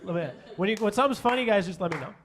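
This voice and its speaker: A man doing a stand-up comedy set, self-deprecating and halting, with many fillers and restarts. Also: high voice, crowd noise. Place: comedy stage before a live audience.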